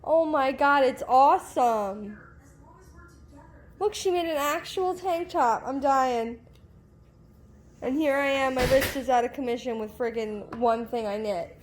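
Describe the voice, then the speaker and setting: A young woman hosting a knitting vlog, gushing with excitement over handmade gifts in casual chat. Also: fairly high pitch, unhurried. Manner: gushing, effusive, exclamatory. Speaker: knitting podcast host.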